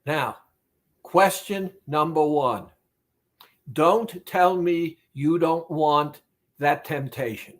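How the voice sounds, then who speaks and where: Male therapist, fairly high voice, slow and emphatic, motivational talk straight to the listener. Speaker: weight-loss therapist.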